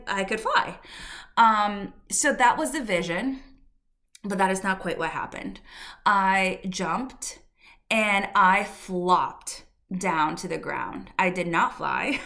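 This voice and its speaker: A woman's voice: medium pitch, bright, forceful tone. A woman podcast host telling a personal story in a candid, reflective way, with fillers and restarts. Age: adult.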